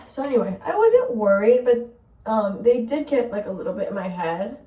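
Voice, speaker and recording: A woman's voice: a little high, very animated, moderate pace, mellow, muffled recording. A young woman vlogging in a casual chat, rambling through a story and filling it with "like". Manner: chatty, heavy use of "like", rambling storytelling. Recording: roomy sound from a distance.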